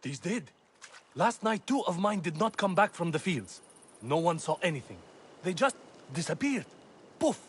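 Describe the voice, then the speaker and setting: An actor playing a drunk, hungover slave owner in a video game, rambling and excitable. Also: male voice, high-pitched, moderate pace, pauses often, breathy edge, full character voice. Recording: game audio with faint ambience.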